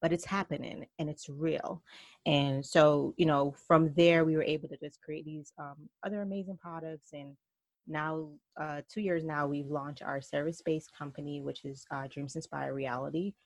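A woman's voice: low-pitched, steady tone, normal speed, no room sound. A woman in her thirties from Jamaica, with an accent mixing Jamaican and New York, speaking earnestly as a podcast guest and laughing often. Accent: Jamaican mixed with New York. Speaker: guest entrepreneur. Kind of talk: podcast interview.

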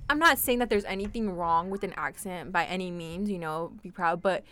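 A woman's voice: lowish voice, a little fast, pushed and bright. A woman hosting an interview, asking questions in an eager, complimentary way. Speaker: interviewer, host. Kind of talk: casual interview.

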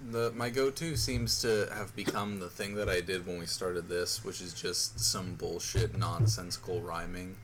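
A young man chatting casually on a podcast, animated and swearing often. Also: deep voice, normal speed, few pauses, music in the background. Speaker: podcast co-host.

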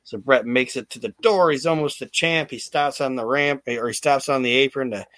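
A man hosting a casual podcast, retelling events with lively storytelling, loose swearing and acted-out quotes, on a close microphone. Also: mid-range voice, moderate pace, no room sound. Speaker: podcast host recapping wrestling shows.

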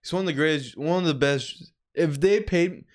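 A young man tells work stories in a loose, slangy way, dropping "bro" constantly. His voice sits slightly high for a man. Now and then he breaks into loud, shouted impressions. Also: normal speed. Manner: slangy, laid-back storytelling, says bro a lot. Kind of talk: casual chat.

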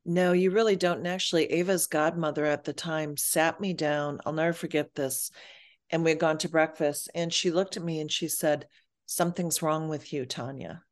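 A woman's voice: low-pitched, fairly even intonation, normal speed. A woman guest on an interview podcast who speaks earnestly and reassuringly about motherhood and mental health. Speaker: guest, perinatal mood expert.

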